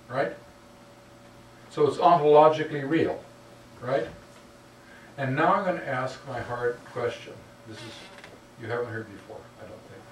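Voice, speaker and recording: A man giving a public lecture in a lecture hall, putting questions to the audience with a wry manner. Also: mid-range voice. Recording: roomy hall from a distance, faint hum.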